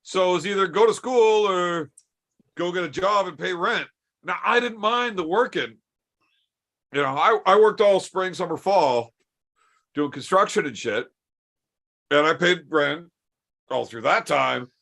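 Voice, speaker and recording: A man's voice: sits high, unhurried, gravelly, pauses often, fairly bright tone. A man in his thirties telling a rowdy, profanity-laced story over beers, acting out the dialogue as he goes. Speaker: podcast host.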